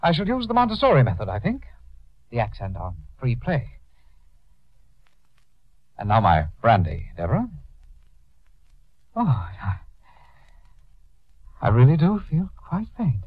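A prim, fussy nephew. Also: male voice, medium pitch, wildly swooping pitch, unhurried, long pauses, dry recording. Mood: calm. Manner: prim, mannered, precise. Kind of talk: old-time radio drama acting. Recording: dull dry old radio recording.

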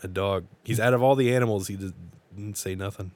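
A man's voice: lowish voice, a little fast, a little mellow, no echo. A young man co-hosting a podcast in casual chat, easygoing and amused, swearing offhandedly. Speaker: podcast co-host.

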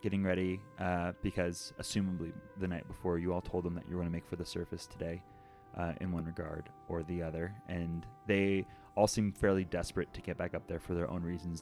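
A man narrating as game master of a tabletop game, relaxed and laughing easily with his players. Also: low voice, brisk, soft background music.

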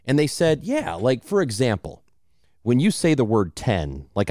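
A man's voice: medium pitch, moderate pace, no echo, studio quality. A young man from Southern Illinois with a slight Southern Illinois accent, chatting casually as a podcast co-host and telling stories with many restarts. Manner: animated, storytelling, many restarts. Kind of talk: casual chat.

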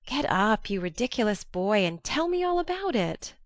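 A woman voicing a spirited, impulsive young woman in an audiobook reading, speaking in an excitable, exclamatory way. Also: mid-range voice, measured pace, dry recording. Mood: excited. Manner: excitable, exclamatory, warmly scolding.

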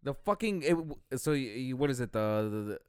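Dude telling a quick story to his friends, lots of swearing, dry mic. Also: medium pitch, smooth, no echo. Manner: excitable storyteller, swears often. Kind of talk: casual chat among friends.

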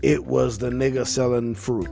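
A man's voice: medium pitch, level tone, moderate pace, creaky, dark tone, faint music behind. A man hosting a casual, rambling monologue, a little intoxicated, talking in a profane, laid-back way. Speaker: podcast host.

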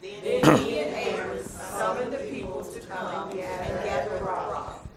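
A congregation member reading scripture aloud in a steady manner in a church. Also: mid-range voice, measured pace, crowd noise. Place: church sanctuary. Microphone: far from the mic. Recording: echoey church from far off.

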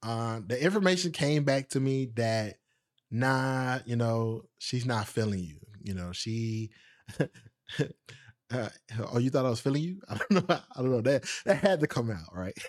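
Chatty male podcast host telling a story. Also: mid-range voice. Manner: animated, laughs often, quick asides; speaks straight to listeners. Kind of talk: casual storytelling monologue.

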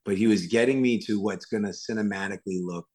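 This guest actor from Worcester, Massachusetts rambles casually through anecdotes, acting out the quotes loudly. He is animated, with a lowish voice and a quick pace.

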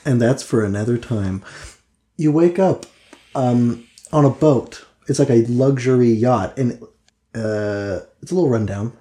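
A man's voice: medium pitch, measured pace, mellow, reverberant. A man narrating as game master of a tabletop game in a casual, jokey way.

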